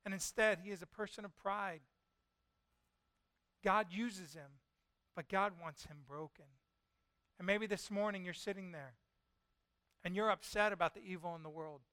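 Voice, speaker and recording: A male pastor preaching a sermon and retelling a scripture story with lively storytelling. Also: sits high, moderate pace, long pauses, dry recording. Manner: lively storytelling, voicing God and Jonah in quotes.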